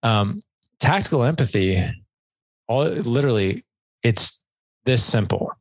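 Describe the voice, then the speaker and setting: A man talking casually as a podcast guest, a coach who explains things in a relaxed conversational way and acts out little bits of dialogue. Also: mid-range voice, a little slow, vocal fry, dry recording. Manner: conversational, filler-heavy, acts out quoted dialogue.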